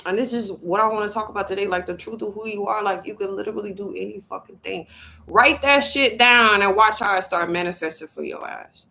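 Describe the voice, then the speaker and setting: A young adult woman giving a casual, profane motivational talk to her viewers, telling a story with lively quoted voices. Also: mid-range voice, a little fast, gravelly, a little hiss or hum, rough recording. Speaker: spiritual vlogger.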